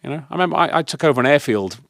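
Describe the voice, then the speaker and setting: A man from the UK on a discussion panel, telling emphatic, animated stories about leadership. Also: on the high side, rapid-fire, gravelly, dry recording, clean studio sound. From United Kingdom. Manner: emphatic, animated anecdotes with acted quotes. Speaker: guest speaker on leadership.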